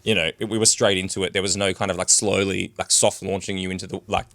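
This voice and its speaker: Fast-talking Australian man co-hosting a podcast. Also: low-pitched, little pitch movement, a bit bright, no echo. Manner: fast, enthusiastic, lots of "like" fillers. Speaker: podcast co-host. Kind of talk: casual podcast discussion.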